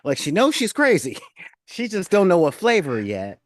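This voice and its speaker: A man's voice: sits high, huge pitch swings, normal speed, no room sound, studio quality. A man co-hosting a casual TV review chat, laid-back and colloquial, chuckling often between points. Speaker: podcast co-host.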